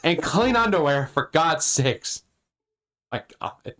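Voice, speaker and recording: Animated, exasperated man telling a story. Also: on the high side, slow pace. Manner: animated, exasperated, laughs often, swears. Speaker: podcast host. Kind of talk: casual storytelling chat.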